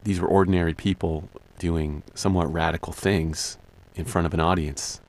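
A man telling a personal story in a relaxed, conversational way, with music behind. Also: sits low, normal speed.

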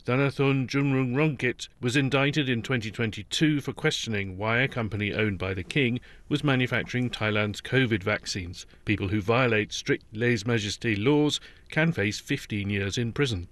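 Measured male newsreader, dry studio. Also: medium pitch, fairly bright tone, no room sound. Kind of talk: radio news bulletin. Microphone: studio microphone.

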